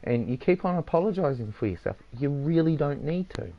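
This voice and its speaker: Streamer guy, gravelly, lively pitch, rambling and cursing; dull lo-fi audio. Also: a little fast. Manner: rambling, swears a lot, says "mate". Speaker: game streamer. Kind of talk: casual lecturing chat. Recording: dull lo-fi sound.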